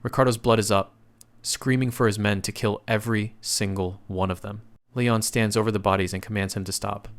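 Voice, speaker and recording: A man with a fairly low voice reads a scripted story recap. He keeps it casual and slangy, retelling each scene in plain, relaxed terms. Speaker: recap narrator.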